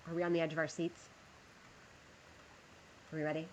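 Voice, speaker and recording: A woman's voice: sits low, little pitch movement, moderate pace, pauses often, a little mellow, a little hiss or hum, rough recording. A woman livestreaming, chatting with her viewers as she plays a game and reads a story aloud. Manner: chatty, talks to chat while playing. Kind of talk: live game commentary and storybook reading.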